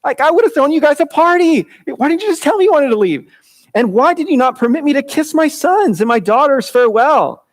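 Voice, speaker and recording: A man's voice: very high voice, very animated, a little fast, voice pushed up. A man voicing an aggrieved older father-in-law who protests in a whiny tone.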